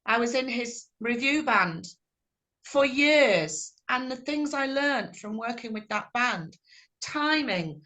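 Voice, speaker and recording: A woman's voice: fairly high pitch, slow pace. A middle-aged woman singer telling stories in a video call interview, acting out quotes with animation. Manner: animated, warm storytelling with acted-out quotes.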